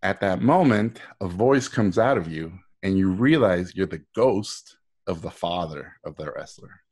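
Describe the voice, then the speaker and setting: A man speaking as a guest on a video call, telling a story with animated delivery and acting out the lines of his characters. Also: sits low, a little slow, slightly rough. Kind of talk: storytelling talk.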